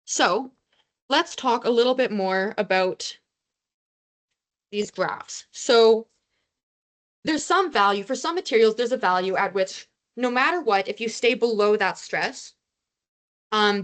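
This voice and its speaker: A young woman tutoring a review session over a video call, casual and self-deprecating as she explains formulas. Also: medium pitch. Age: young adult. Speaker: student tutor. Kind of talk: online review lesson.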